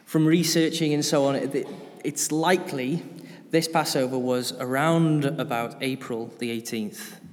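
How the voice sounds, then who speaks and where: A man's voice: medium pitch, fairly even intonation, unhurried, in a large hall. A man preaching an informal sermon in a church, chatty and often putting questions to the congregation.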